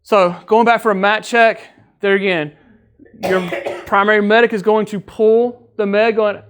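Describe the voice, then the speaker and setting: A man with a fairly high voice gives an easygoing training talk to his crew. He keeps it conversational and teasing, often tossing in a quick "right?" to check they are following. He sounds like a training officer talking with colleagues, not reading a script. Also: steady tone, fairly bright tone, clear, resonant tone. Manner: jokes with the crew. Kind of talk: casual training lecture.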